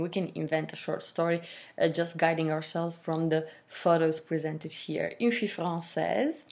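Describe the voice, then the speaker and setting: Female French teacher, unhurried and methodical, slightly low voice. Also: a little mellow. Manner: slow, deliberate explanations, modelling French pronunciation with fillers. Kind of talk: language lesson.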